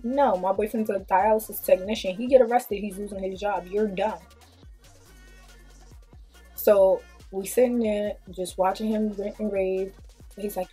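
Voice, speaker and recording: A woman with a husky voice tells a story to camera in a blunt, animated way. Her pitch sits in the middle of the range. Soft music plays faintly underneath. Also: unhurried. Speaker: vlogger. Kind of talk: storytime vlog.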